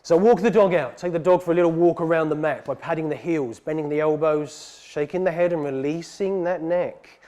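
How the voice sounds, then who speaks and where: A man teaching a guided yoga class, calmly cueing breaths and poses. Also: a little high, brisk, few pauses. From England. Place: heated yoga studio.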